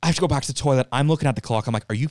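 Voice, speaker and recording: A man's voice: mid-range voice, rapid-fire, darkish tone, no room sound. A young man from Ireland, a podcast guest, telling a story in casual chat, acting out quotes, swearing freely and laughing often.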